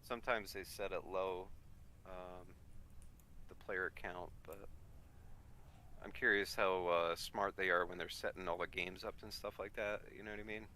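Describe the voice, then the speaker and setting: Deep bright-voiced laid-back man. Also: steady tone, unhurried, a little hiss or hum. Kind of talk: casual gaming chat.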